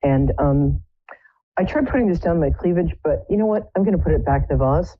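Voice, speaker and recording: Wry husky-voiced woman psychic host. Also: sits low, expressive, brisk, dry recording, narrow, tinny audio. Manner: wry, self-mocking, rambling jokes. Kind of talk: casual chat. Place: indoors, home.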